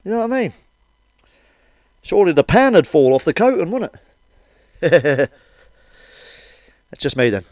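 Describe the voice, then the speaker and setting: A man's voice: on the high side, big pitch swings, unhurried, pauses often, a little mellow, dry recording. A middle-aged man doing stand-up. He tells crude, sweary jokes, keeps asking "you know what I mean," and laughs at his own punchlines. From Wales. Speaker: comedian. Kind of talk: crude stand-up joke telling.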